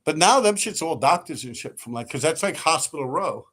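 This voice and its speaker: A man's voice: on the high side, lively intonation, brisk, a bit bright. A man who tells stories in a rambling, profane way on a livestream he hosts, laughing often. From New York City. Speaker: livestream host. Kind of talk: casual storytelling.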